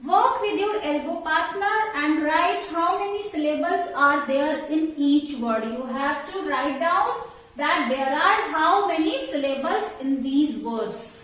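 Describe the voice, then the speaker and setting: A woman's voice: sits high, animated, slow, a bit bright. A woman teacher patiently explains a school workbook lesson and spells words out letter by letter. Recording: echoey room, voice far from the mic.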